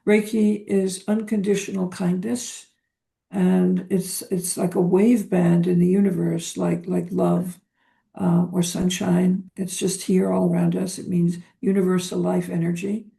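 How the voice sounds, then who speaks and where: A woman guest, a psychotherapist, talking in a reflective, hesitant way with frequent pauses and ums during a spiritual interview. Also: lowish voice, level tone, vocal fry, warm tone.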